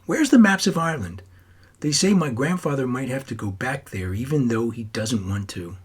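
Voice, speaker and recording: A man's voice: medium pitch, lively intonation, normal speed, slightly rough. A man voicing a troubled teenage boy who writes and talks to his grandfather in an earnest, wistful way. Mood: urgent.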